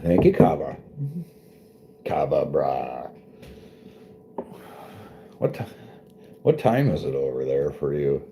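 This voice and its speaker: A man's voice: very deep voice, very animated, slow, pauses often, warm tone, a little hiss or hum. A man chatting casually with viewers, swearing and joking, often laughing. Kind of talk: casual chat.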